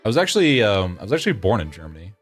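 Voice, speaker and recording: A man in his thirties with a fairly low voice chats loosely with his viewers during a game stream. He laughs easily and restarts his sentences as he thinks aloud. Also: sing-song, very fast, husky, faint music behind. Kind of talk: casual gameplay chat with viewers.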